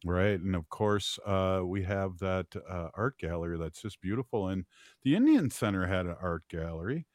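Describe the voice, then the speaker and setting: A man's voice: sits low, animated, normal speed, a little mellow, no echo, clean studio sound. A man hosting a casual radio talk show, rambling and laughing easily, with plenty of filler words. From United States.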